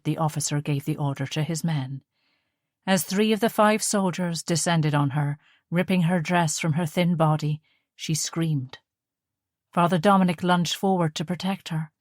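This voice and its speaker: A woman reading audiobook narration in a measured, steady way on a close studio mic. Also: sits low, no room sound.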